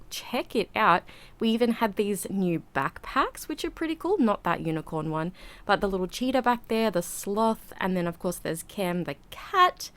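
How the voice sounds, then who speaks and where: A woman, a channel host narrating a voiceover in a chatty, rambling, giggly way, a little out of breath. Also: medium pitch. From Australia. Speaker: vlogger. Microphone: home voiceover mic.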